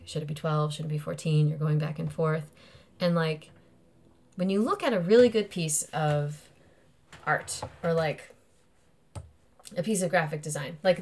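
A woman hosting a podcast, explaining a topic in casual, rambling chat. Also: low voice. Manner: rambling, laughs often, uses filler "like". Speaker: podcast host.

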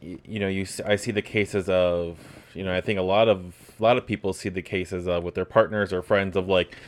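A man who is the host's partner, speaking on a podcast in a halting way with many fillers and restarts. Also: sits low, steady tone. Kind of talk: casual conversation.

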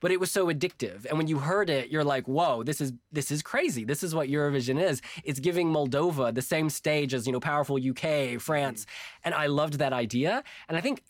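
An American man in his forties, a guest telling lively stories in casual chat and laughing often. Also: a little high, a little fast, no room sound, clean studio sound. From United States. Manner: animated storyteller, laughing often.

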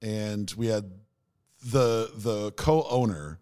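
A man's voice: lowish voice, extremely slow, warm tone, clear, resonant tone. Enthusiastic male podcast storyteller. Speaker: podcast co-host. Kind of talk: casual chat.

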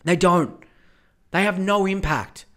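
A man hosting a casual podcast, ranting in a profane, excitable way that often turns exasperated. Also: high-pitched, slow pace. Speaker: podcast host.

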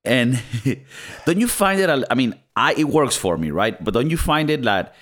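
A man co-hosting a casual movie review podcast, talking in an animated way with swearing and mock voices. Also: mid-range voice, normal speed. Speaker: podcast co-host.

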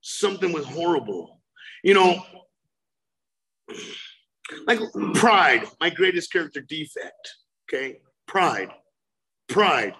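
A man in his forties telling his recovery story, animated, breaking into loud exasperated outbursts. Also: a little high, slow pace, long pauses. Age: 40s. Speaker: speaker sharing recovery story. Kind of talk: recovery talk, personal story.

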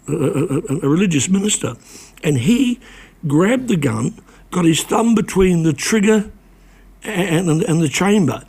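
An older man, a former reporter, talking as a guest in a casual conversation, halting often with restarts and repeated words. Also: a little high, gravelly, darkish tone, slightly rough.

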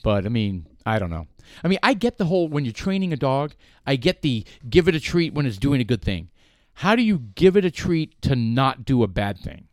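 Animated male podcast co-host. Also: medium pitch, fairly quick, few pauses, no echo, studio quality. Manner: animated storytelling, swearing, laughing. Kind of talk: casual chat.

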